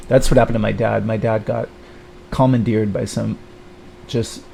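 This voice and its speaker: A man rants bitterly in a rambling livestream monologue. His voice is dark and mellow, and he keeps stalling on fillers and restarts. A faint hiss sits under the recording. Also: fairly even intonation, normal speed, creaky. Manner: mocks others in high put-on voices.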